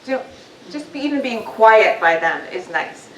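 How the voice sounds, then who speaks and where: Here the woman's voice is fairly high and expressive, with a measured pace and a slightly bright tone. As a guest speaker in a meeting hall, she offers a personal motivational talk to a live audience, speaking candidly and conversationally with many ums. The sound is distant and roomy, with a little background noise.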